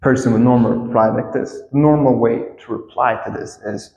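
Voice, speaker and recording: A man teaching a casual English lesson, repeating example phrases with lively acted-out intonation. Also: medium pitch, brisk, creaky, reverberant, long reverb tail, highs cut off.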